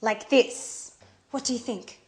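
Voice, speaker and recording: A woman's voice: a little high, fairly even intonation, takes it slowly, noisy background. An actress playing an eager, flustered young woman in love in a scripted language-course drama. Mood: nervous.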